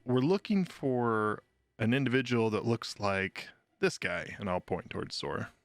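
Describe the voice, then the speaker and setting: A man playing a tabletop game, relaxed and joking. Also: mid-range voice, moderate pace, no echo. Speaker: player.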